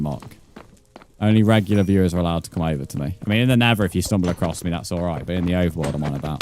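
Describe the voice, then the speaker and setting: A man's voice: sits low, a little mellow. A man in his twenties, streaming a game live and chatting casually with viewers, swearing often. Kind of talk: casual live gameplay commentary.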